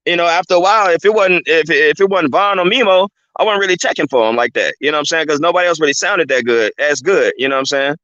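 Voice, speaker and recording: A man's voice: on the high side, quick pace, few pauses, pushed and bright, no room sound. Brief: casual male host, slightly raised voice, dry and muffled lo-fi recording. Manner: loose and conversational, keeps saying "you know what I'm saying". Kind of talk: casual commentary monologue. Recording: dry, dull lo-fi sound.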